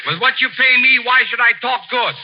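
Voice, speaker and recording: A man, a guest bandleader in a 1940s radio comedy, talking gruff and blunt. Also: very high-pitched, moderate pace, a little hiss or hum. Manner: gruff, blunt, mangles words. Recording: dull old radio broadcast.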